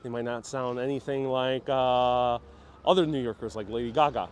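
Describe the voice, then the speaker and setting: A man from New York City with a mid-range voice hosts an outdoor live walking tour, speaking at a moderate pace with fairly even intonation. He chats with his viewers and reads their comments aloud before answering.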